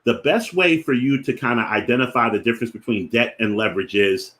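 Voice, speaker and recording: A man with a strong Philadelphia accent talks through money basics in a mid-range voice. He lays out his points deliberately and slows down to repeat key definitions for emphasis. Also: mid-range voice, a bit bright. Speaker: finance show host. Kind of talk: explanatory finance talk.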